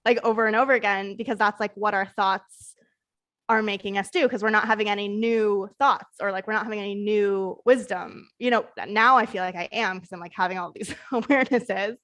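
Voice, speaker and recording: A woman's voice: medium pitch, steady tone, brisk, fairly bright tone. A woman co-hosting a podcast in casual chat, rambling and reflective, with frequent "like" fillers. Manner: rambling, many "like" fillers, laughs easily. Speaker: podcast co-host.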